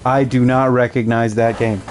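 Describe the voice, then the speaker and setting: A man's voice: mid-range voice, little pitch movement, moderate pace. A young male streamer chatting over his gameplay, rambling from one story to the next and mimicking the people in them. His voice sits mid-range, and faint game music plays behind him. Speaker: gaming streamer. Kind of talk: casual let's-play chat.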